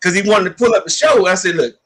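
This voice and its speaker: A man's voice: high-pitched, quick pace, husky. A man co-hosting a casual sports podcast, telling stories with lots of laughs and acted-out voices. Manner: animated storyteller, acts out voices, laughs often. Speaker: podcast co-host.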